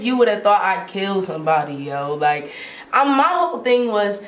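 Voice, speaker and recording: A woman in her twenties telling a casual storytime, animated and slangy, with lots of filler "like". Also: medium pitch, normal speed. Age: 20s. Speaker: vlogger. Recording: roomy sound from off the mic.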